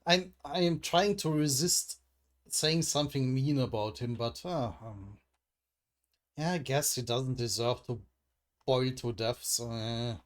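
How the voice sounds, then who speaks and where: A man reading a comic aloud into a desk microphone, with commentary along the way. He talks slowly and in a musing way. He often hesitates and restarts, thinking aloud between lines of the story. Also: mid-range voice. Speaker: comic readthrough host.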